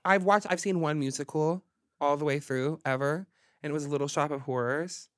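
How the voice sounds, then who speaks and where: A man's voice: fairly high pitch, a bit bright, no room sound. Sassy man on a podcast, dry close sound. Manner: sassy, profane, quick comebacks. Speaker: podcast co-host. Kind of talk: casual chat.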